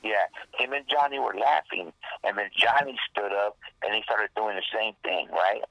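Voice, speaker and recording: A man's voice: on the low side, normal speed, gravelly, pushed and bright, no room sound, poor audio. A man, a rapper guest, telling a rambling, profane story in casual talk and acting out the lines people said. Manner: profane, rambling, acts out quoted dialogue.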